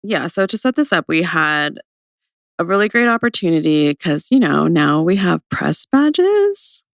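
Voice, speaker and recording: A young woman co-hosting a podcast, her voice gravelly with vocal fry after a cold. She talks in a bubbly, chatty way, and her pitch swings up and down a lot. The sound is close and dry. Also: big pitch swings, a little slow, dry recording. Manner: bubbly, chatty, laughing often. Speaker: podcast co-host. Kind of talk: casual chat.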